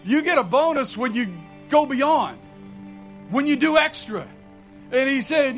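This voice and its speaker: Pastor guy preaching, really high voice, folksy and chatty, faint music underneath. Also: animated, moderate pace, a bit bright, rough recording. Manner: folksy, rising to urgent emphasis with repeated phrases. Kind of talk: sermon.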